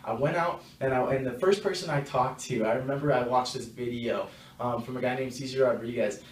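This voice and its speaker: A man's voice: medium pitch, a little fast. A young man giving casual, frank advice on network marketing to his viewers, slipping into quoted dialogue as he tells stories. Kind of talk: casual direct-to-camera advice. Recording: roomy echo, mic at a distance.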